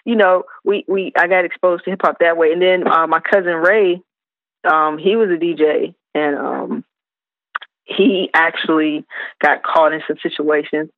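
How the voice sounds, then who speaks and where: A woman's voice: low voice, unhurried, dry recording. Woman telling stories over a tinny phone line. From South Carolina, USA. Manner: relaxed, rambling, many fillers. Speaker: guest, hip hop artist. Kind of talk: casual interview storytelling.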